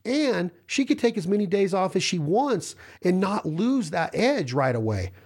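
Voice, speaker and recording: A man's voice: sits high, very animated, measured pace, a little mellow, husky. A man talking in a rambling casual chat, telling stories and acting out what people say to him. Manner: rambling, storytelling, acts out quoted voices. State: hungry while fasting.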